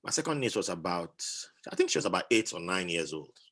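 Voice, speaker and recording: A man who is a podcast guest, telling a story in casual conversation with animated swings in his pitch. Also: fast.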